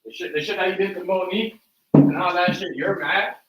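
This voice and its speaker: A man co-hosts a relaxed livestream, speaking in a loose, slangy way and mostly going along with his partner. His fairly high voice sounds set back from the mic. A roomy echo hangs around every word. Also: fairly quick, recorded from a distance, heavy background noise. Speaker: co-host. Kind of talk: casual opinion chat.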